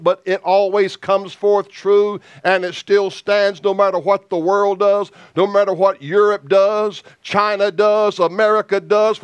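A man preaching a sermon as an evangelist, slow and emphatic with deliberate pauses. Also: high-pitched, clean tone, no room sound.

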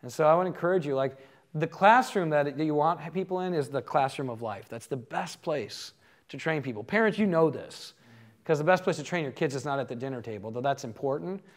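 A man's voice: fairly high pitch, expressive, a little fast. Earnest storytelling man speaking to a crowd. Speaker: conference speaker. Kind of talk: teaching talk to a live audience.

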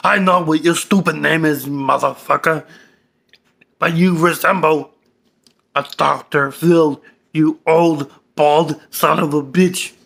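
Brief: man as a short-fused, crude young guy, gravelly and bright, slow drawl. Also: fairly high pitch, steady tone, exaggerated voice. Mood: insulting. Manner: cursing, insulting, short-tempered. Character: angry young man, crude, hot-tempered. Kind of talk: comedy skit.

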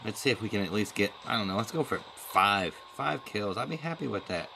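A man's voice: lowish voice, lively intonation, brisk, creaky, pushed and bright, a little hiss or hum, rough recording. A man giving casual running commentary while opening crates and playing a game, talking to himself. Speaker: gaming video creator.

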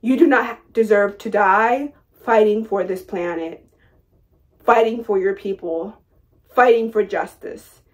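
A woman's voice: medium pitch, measured pace, highs cut off. A young woman vlogger ranting to camera, impassioned and hurt, repeating her phrases and trailing off into sad fillers. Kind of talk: emotional personal rant to camera.

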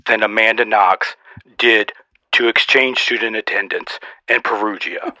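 A man's voice: on the low side, steady tone, unhurried, pushed and bright, no echo. A man voicing a boastful, snarky old male Santa Claus, roasting people in a mock-stern way for a comedy podcast sketch.

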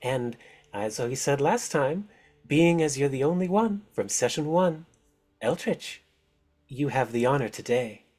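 A man's voice: mid-range voice, lively intonation, measured pace, a little mellow, soft background music. A man voicing a giant ancient witch overlady, stately and welcoming, in a tabletop game. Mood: grand welcoming.

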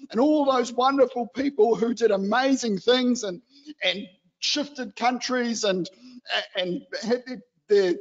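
A man from New Zealand giving an animated, chatty exhortation in a church hall. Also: extremely high pitch, muffled recording. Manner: chatty and animated, acts out excited children. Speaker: lay preacher.

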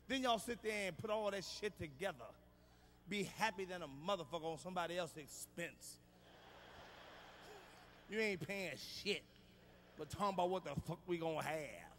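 A man doing a stand-up comedy routine on stage, ranting loudly with a profane, hard-hitting delivery. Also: high-pitched, lively intonation, moderate pace, in a large hall, slight background noise.

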